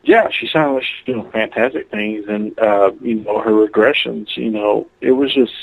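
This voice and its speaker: Low-voiced male caller on a tinny phone line. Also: creaky. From Oklahoma. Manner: rambling, with many fillers. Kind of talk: casual call-in chat.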